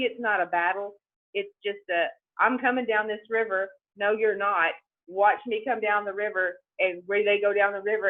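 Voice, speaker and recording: Tinny-sounding woman teaching a history lesson. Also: mid-range voice. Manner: conversational, addresses students directly, repeats words. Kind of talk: classroom history lecture.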